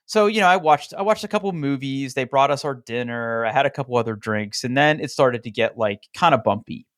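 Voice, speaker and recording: A podcast co-host with a medium-pitched voice tells an animated story fairly quickly in casual chat, acting out the dialogue of the people involved. He fills his sentences with "like" and restarts often. The recording is dry and close, with no room sound or echo.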